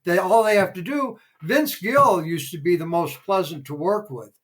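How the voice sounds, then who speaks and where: Higher-voiced man telling rambling stories. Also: normal speed, fairly bright tone, husky, rough recording. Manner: rambling anecdotes with many fillers. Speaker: podcast guest, former theater promoter. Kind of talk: casual interview storytelling.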